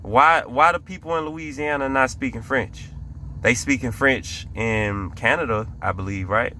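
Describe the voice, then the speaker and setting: A man breaks down a clip in casual reaction commentary. His voice is bright and clear, with a faint hum of background noise. He talks in loops, asking rhetorical questions and saying lines twice. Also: mid-range voice, measured pace. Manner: conversational, rhetorical questions, repeats himself. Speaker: reaction video host.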